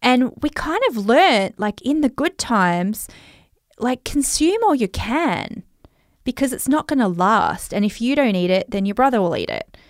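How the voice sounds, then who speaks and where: A woman's voice: a little high, very animated, a little slow, no echo, studio quality. An Australian woman coaching listeners on money in a chatty, reflective way, with many fillers. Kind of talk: talking straight to listeners.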